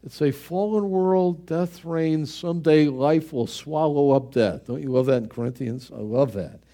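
A middle-aged man preaching a sermon as pastor, emphatic, with dramatic swings in pitch and volume. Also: measured pace, warm tone.

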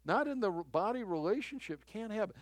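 A man preaching a conversational sermon as a pastor, halting and repeating his phrases, often chuckling as he talks. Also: high voice, lively intonation, no room sound.

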